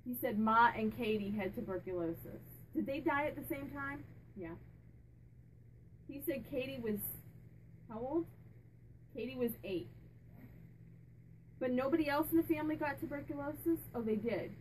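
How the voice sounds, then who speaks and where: A woman with a slightly high voice talks casually on her own channel. She meanders through her thoughts, asking questions aloud and then echoing the answers she says she hears. A faint hiss sits under her voice. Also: normal speed, pauses often. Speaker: psychic medium and channel host. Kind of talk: casual chat relaying a spirit's answers.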